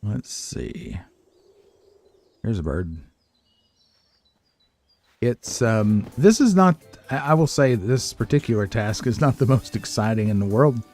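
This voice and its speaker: Low, mellow older man streaming a game. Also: lively intonation, takes it slowly, long pauses, faint music behind. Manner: chatty, hesitant, self-deprecating, talks to himself. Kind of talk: casual gameplay commentary.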